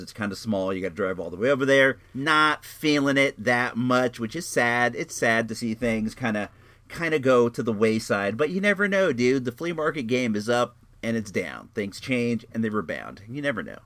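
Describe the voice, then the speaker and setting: A man's voice: medium pitch, fairly bright tone, no echo. A man hosting a podcast in casual chat, rambling along in a laid-back way and tossing in "dude.". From Northern California. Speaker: podcast host.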